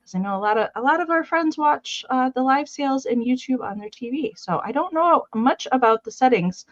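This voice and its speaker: Brief: woman host on a live-stream sale, pitched a bit high, easygoing and talkative, recorded with a muffled lo-fi sound. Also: animated, fairly quick. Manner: chatty, greets viewers by name; explains steps plainly with many fillers. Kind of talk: casual live-stream chat.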